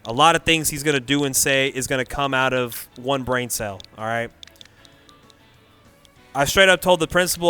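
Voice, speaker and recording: A young man from the Bay Area, commentating a gaming tournament and telling a story in a casual, slangy, animated way. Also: medium pitch, normal speed, pauses often, smooth. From California Bay Area. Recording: faint music behind.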